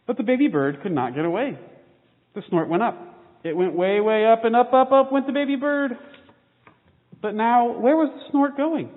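A man giving a children's sermon, reading a picture book aloud before turning to the day's scripture. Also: moderate pace. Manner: animated read-aloud. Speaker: pastor. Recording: phone-like boomy hall sound.

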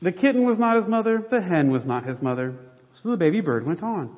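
A man giving a children's sermon, reading a picture book aloud before turning to the day's scripture. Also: fairly quick. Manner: animated read-aloud. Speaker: pastor. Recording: phone-like boomy hall sound.

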